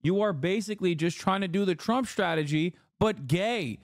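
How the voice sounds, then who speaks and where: A man's voice: high-pitched, expressive, moderate pace, few pauses, no echo, studio quality. A man streaming live, reacting to news clips with casual, profane, sarcastic commentary and mocking quoted voices.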